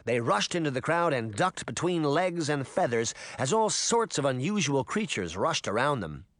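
A man narrating a fantasy story as an audiobook reader, in expressive scripted narration. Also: fairly high pitch, moderate pace, dry recording, clean studio sound.

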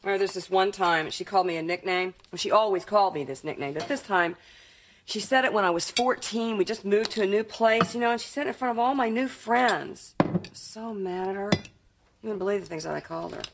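A woman's voice: mid-range voice, fairly quick, very noisy, lightly acted. An actress playing a patient, wry sitcom mother with a dry, reassuring way of talking. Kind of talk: sitcom acting.

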